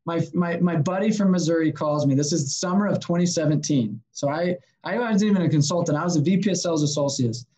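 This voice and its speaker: Speaking fast with hardly any pauses, a man with a voice on the high side comes through in poor audio. As a podcast guest and sales consultant, he tells animated, casual stories with some swearing, acting out quoted dialogue.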